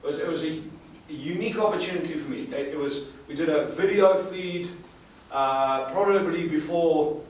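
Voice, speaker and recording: A man's voice: a little high, normal speed, hardly any pauses. Emphatic man in an echoey hall. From South Africa. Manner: emphatic, asks the audience rhetorical questions, repeats words. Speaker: sales trainer. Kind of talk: live seminar talk. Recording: echoey room, far from the mic, faint hiss.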